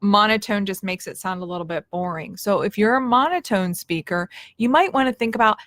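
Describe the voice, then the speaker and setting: A woman's voice: mid-range voice, fairly quick, fairly bright tone, no echo, clean studio sound. A woman leadership coach giving a casual, friendly talk about speaking skills, directly addressing her viewers. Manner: friendly, direct, conversational with small restarts.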